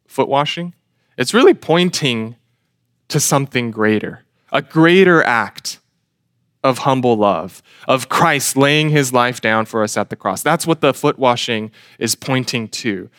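Man preaching, earnest and emphatic, mid pitch, dry recording. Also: expressive, measured pace, fairly bright tone, no room sound. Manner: earnest, emphatic, with rhetorical questions. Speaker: pastor. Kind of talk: sermon.

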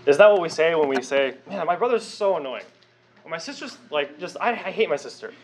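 A man's voice: fairly high pitch, lively intonation, brisk, a little hiss or hum. A young man preaching a sermon, emphatic and conversational, with frequent rhetorical questions. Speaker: pastor.

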